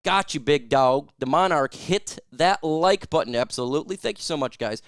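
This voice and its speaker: A man's voice: a little high, animated, normal speed, smooth, no room sound, studio quality. Hyped-up man hosting a sports live stream. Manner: loud, hype-driven, shouting whoops at super chats. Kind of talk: casual live-stream chat with viewers.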